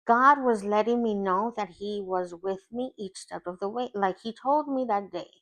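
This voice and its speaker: A woman life coach telling a personal faith testimony in slow, emotional storytelling with long pauses. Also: medium pitch, fairly bright tone.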